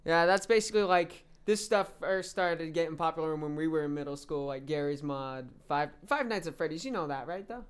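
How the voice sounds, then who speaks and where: A woman guesting on a podcast, excitable in casual chat and laughing often, who also freestyles. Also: deep voice, brisk, hardly any pauses, smooth. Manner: excitable, bursts into laughter, sings and raps.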